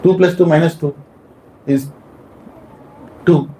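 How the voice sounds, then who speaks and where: A man's voice: on the high side, steady tone, takes it slowly, dark tone, slight background noise. A man teaching a class of devotees, quizzing them with questions and stressing his points. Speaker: spiritual teacher. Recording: echoey room.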